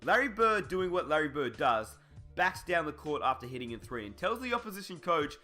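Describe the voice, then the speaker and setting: A male narrator tells a sports story in a scripted documentary read. His voice is bright and forceful, with a fairly high pitch that swings a lot. Soft background music runs underneath. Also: very animated, brisk.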